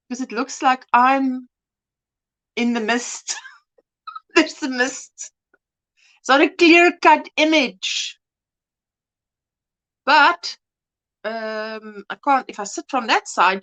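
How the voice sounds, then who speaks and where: A woman's voice: high voice, fairly bright tone. A middle-aged woman hosting a casual livestream from home, chatting and greeting viewers by name. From United States. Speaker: livestream host. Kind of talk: casual chat reading viewer comments. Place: home by an open window, breeze blowing.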